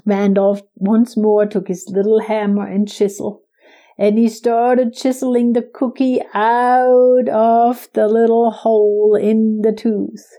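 A woman telling a bedtime story, gently and unhurried, with playful character voices. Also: fairly high pitch, flat delivery.

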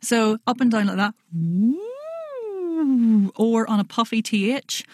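A woman's voice: on the high side, fairly even intonation, brisk, dry recording. Articulate woman voice coach, dry sound. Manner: warm, articulate, demonstrates sounds playfully. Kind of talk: explanatory interview chat.

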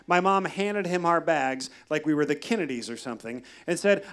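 A man telling a wry, deadpan personal story at a live storytelling show. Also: a little high, moderate pace, clear, resonant tone. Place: live venue.

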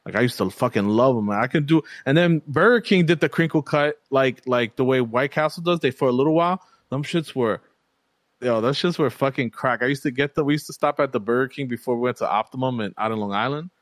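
A young man, chatting casually and swearing freely as he rambles through a story. He plays out the people he quotes, and his voice sits at a middling pitch. The sound is dry and close, with no room echo. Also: fast talker. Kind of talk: casual chat.

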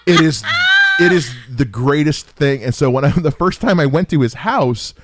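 A man's voice: a little high, moderate pace, very noisy. A man hosting a podcast, chatting casually and telling stories with frequent laughs and stammered restarts. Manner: animated storyteller, laughs often, stammers on restarts. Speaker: podcast host. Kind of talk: casual chat.

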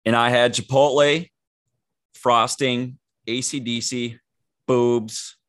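A man's voice: medium pitch, steady tone, slow, fairly bright tone. A young man co-hosting a podcast, chatting casually and giving blunt, rambling opinions. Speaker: podcast co-host. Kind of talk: casual chat.

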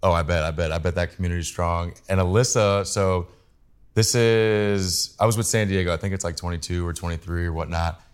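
Deep-voiced man chatting casually. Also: brisk, smooth. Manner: relaxed, rambling, many "like" fillers. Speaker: podcast co-host. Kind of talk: casual chat.

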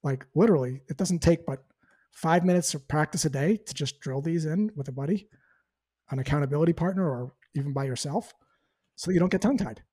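Animated man coaching on sales calls. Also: a little high, fairly quick, husky. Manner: animated, acts out sample phone dialogue. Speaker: sales trainer. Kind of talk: conversational sales coaching talk.

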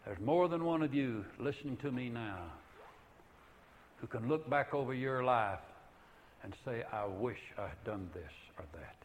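A man's voice: animated, measured pace, slight background noise, rough recording. Earnest older male preacher. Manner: earnest, swings from loud emphatic peaks to hushed low passages. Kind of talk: sermon.

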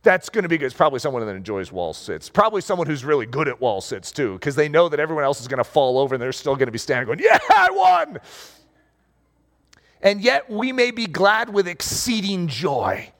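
A middle-aged male pastor preaching a playful sermon, acting out scenes and shouting for effect. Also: a little high, very animated, fast talker, hardly any pauses. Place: room with rows of chairs.

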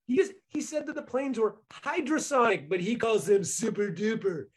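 A man in casual political chat, animated and mocking, swearing freely as he talks. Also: sits high, moderate pace, breathy edge, low-quality recording.

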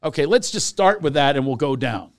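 A man's voice: on the high side, expressive, fairly quick, no room sound, clean studio sound. An older man, a comedian hosting a podcast, chatting casually and jokingly and laughing often. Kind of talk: casual chat.

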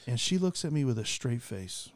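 Animated man in his thirties telling a story. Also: moderate pace. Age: 30s. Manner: animated, acts out quoted lines in a higher voice. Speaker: podcast co-host. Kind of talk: casual storytelling.

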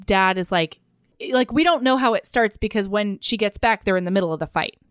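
A woman's voice: medium pitch, brisk, clean tone, no room sound, studio quality. A woman chatting casually about a romance novel, acting out the characters' lines as she retells the plot. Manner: animated, acts out characters' lines while retelling.

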